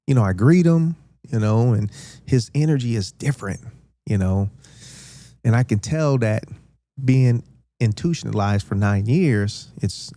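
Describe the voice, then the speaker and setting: A man's voice: mid-range voice, mellow, no room sound. A man in his fifties hosting a podcast and telling a story in a laid-back, slangy way, acting out the quotes. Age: 50s. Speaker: podcast host. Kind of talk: casual storytelling.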